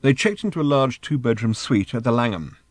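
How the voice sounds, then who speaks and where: A man reading an audiobook as narrator, in a wry, even storytelling manner. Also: medium pitch, brisk, no room sound, clean studio sound. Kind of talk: scripted narration.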